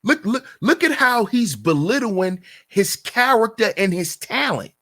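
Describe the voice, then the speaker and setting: Guy ranting on his channel, husky voice swinging all over, keeps repeating questions for emphasis. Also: high voice, huge pitch swings, normal speed, a bit bright. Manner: emphatic, repetitive rhetorical questions. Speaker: channel host. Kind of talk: commentary rant.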